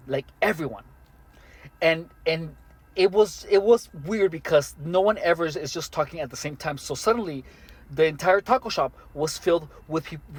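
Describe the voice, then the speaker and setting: A man speaking alone to the camera in an earnest, matter-of-fact monologue, halting with many restarts and fillers. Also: fairly high pitch. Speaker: vlogger. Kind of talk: first-person monologue to camera.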